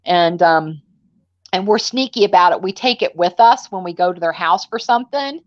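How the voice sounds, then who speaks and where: A woman's voice: fairly low pitch, lively intonation, moderate pace, no room sound. Woman, casual chat host, chatty storyteller, acts out dialogue, dry and muffled sound.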